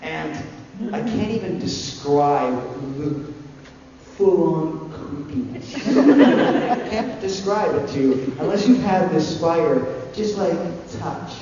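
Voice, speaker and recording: On stage as a convention panel guest, a man with a fairly high voice tells a funny anecdote slowly, laughing and animated as he acts out other people's lines. The audio comes from a distant mic in a large, echoey convention hall, sounding dull, with audience noise audible.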